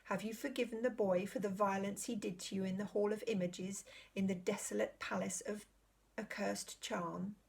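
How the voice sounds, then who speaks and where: A woman reading aloud, voicing a great solemn male lion king who speaks slowly and with authority. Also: mid-range voice, fairly even intonation, vocal fry, a little mellow, lightly acted. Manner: slow, solemn, commanding.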